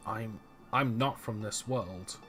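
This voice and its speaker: A man voicing an old male warrior with lost memory, reading game dialogue slowly and gravely. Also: on the low side, sharp tone, soft background music.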